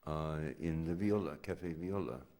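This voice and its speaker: An older man, a poet, reading his work live on a theatre stage in an incantatory chant that builds to loud cries, then talking plainly to the audience. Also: sits low, normal speed.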